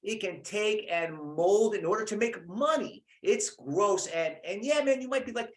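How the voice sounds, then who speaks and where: Casting note: heated man, high-pitched, profane ranting commentator. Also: animated, a little slow, few pauses. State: in pain from a cracked collarbone. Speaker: political commentator. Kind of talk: angry conspiracy rant.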